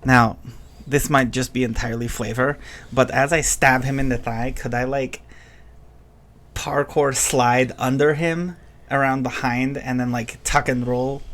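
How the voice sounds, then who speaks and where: Excitable bright-voiced tabletop player. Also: male voice, mid-range voice, a little slow. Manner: excitable and playful, laughing and shouting at good rolls. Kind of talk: playing a tabletop game.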